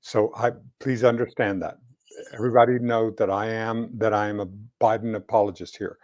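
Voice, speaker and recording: A man co-hosting a casual political chat show, talking in halting bursts with many restarts. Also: lowish voice, little pitch movement, a little mellow. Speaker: co-host.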